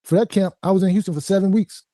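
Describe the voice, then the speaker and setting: Man in his 50s, boxing trainer, very dark mellow voice, firm and measured. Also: sits high, steady tone, no echo, clean studio sound. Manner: measured, explaining himself firmly. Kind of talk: interview clip.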